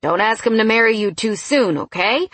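A woman voicing a cocky, condescending male coworker who teases and smirks, in a storybook read with a husky voice. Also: high voice, animated, normal speed, a bit bright. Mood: smirking, teasing. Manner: teasing, know-it-all.

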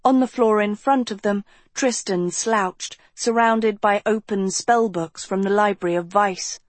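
A woman reading a fantasy novel aloud as audiobook narrator, measured and clear. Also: mid-range voice, steady tone, no echo.

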